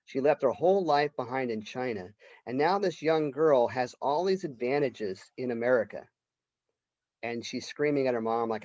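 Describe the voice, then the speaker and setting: A man's voice: medium pitch, expressive, normal speed, darkish tone, dry recording. Man lecturing on literature, lo-fi sound. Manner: conversational storytelling, retelling the plot. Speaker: literature professor. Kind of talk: college lecture. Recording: dull lo-fi lecture recording.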